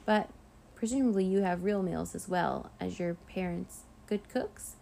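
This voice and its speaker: A woman's voice: on the low side, measured pace, vocal fry, warm tone, slight background noise. A woman voicing a prim female schoolteacher in a storybook read-aloud, polite but with an impatient edge.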